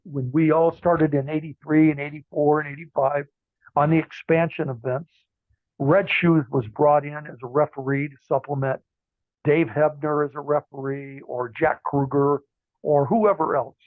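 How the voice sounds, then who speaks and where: A man's voice: fairly high pitch, fairly even intonation, moderate pace, no room sound. A man in his sixties, a former wrestler, tells rambling stories in a casual interview, with lots of fillers and restarts. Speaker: interview guest, former wrestler and ring announcer. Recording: tinny phone-like line, dry.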